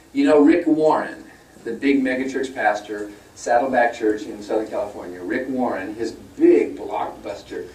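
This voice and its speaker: A man's voice: medium pitch, a little mellow, slight background noise. An older man giving a conversational public lecture, telling stories with lots of fillers and mimicking opponents in a mocking voice. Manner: conversational storytelling, with many fillers. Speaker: guest speaker. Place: lecture room at a university event. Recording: roomy hall, mic at a distance.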